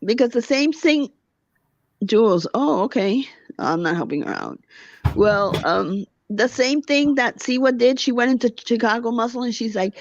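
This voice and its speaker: A woman on a livestream, ranting with a heated, gossipy edge in a fairly high voice. Her sound is dull and lo-fi, dry with no room echo. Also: animated, moderate pace. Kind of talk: casual livestream chat.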